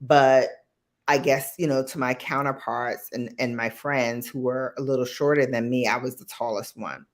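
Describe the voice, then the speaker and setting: Lady guest on a livestream, low voice, lots of ums, just telling stories. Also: steady tone, normal speed. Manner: chatty storyteller, many ums. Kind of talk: casual livestream chat.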